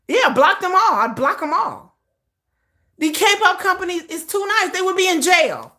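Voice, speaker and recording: Ranting on her livestream, a middle-aged woman from the United States curses and repeats herself emphatically in a casual way. She talks at normal speed in an extremely high, sing-song voice that is bright and forceful.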